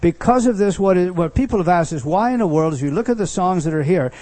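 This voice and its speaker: Man, pastor, conversational sermon teaching, mellow tone, slightly high voice, emphatic restarts. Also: expressive, fast, no room sound. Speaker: pastor teaching a Bible study.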